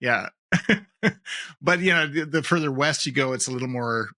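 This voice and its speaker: A man's voice: mid-range voice, moderate pace, sharp tone, no echo, studio quality. A man hosting a podcast interview, effusive and enthusiastic, laughing often. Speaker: podcast host.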